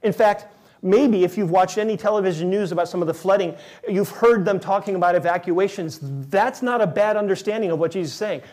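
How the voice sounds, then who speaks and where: Male pastor, slightly high voice, relaxed conversational sermon delivery with emphatic repetition. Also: fairly quick. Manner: conversational, emphatic preaching with repeated words.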